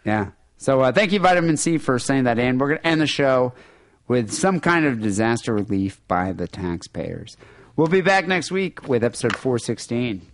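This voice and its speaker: Nasal male podcast host, lively up-and-down delivery, dry close sound. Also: mid-range voice, normal speed, no echo. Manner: animated, reads listener emails aloud. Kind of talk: casual podcast banter.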